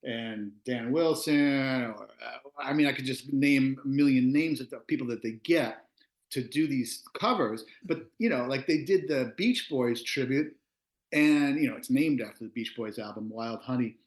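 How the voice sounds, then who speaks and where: A man's voice: medium pitch, moderate pace. Man telling a story in a roomy space. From Long Island, US. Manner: animated storyteller, laughs often. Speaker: guest musician and author. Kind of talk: casual interview storytelling. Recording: roomy echo.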